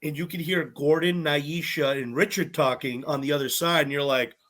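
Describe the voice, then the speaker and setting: Bright, animated young man telling stories. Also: on the high side, moderate pace. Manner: animated, acts out quotes of others, laughs often. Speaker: podcast guest, cooking show contestant. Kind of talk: casual storytelling chat.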